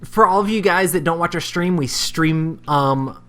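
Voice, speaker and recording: A man hosting a casual gaming podcast, talking in a relaxed, unhurried way. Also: a little high. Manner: relaxed, drawn-out pauses, laughs easily. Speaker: podcast host. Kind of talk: casual chat.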